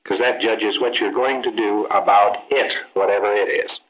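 A man's voice: on the low side, fairly even intonation, moderate pace, a bit bright. A man giving an informal training lecture, emphatic and full of rhetorical questions, acting out little exchanges. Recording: dull lo-fi archival lecture tape.

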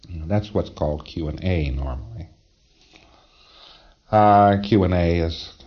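Chuckling male lecturer on dull tape. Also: sits low. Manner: conversational, emphatic, chuckles often. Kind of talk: informal training lecture.

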